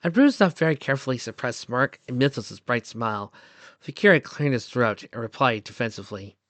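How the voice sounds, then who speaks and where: A man reading fan fiction aloud as narrator, in a soft, steady storytelling voice. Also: mid-range voice, brisk, no room sound.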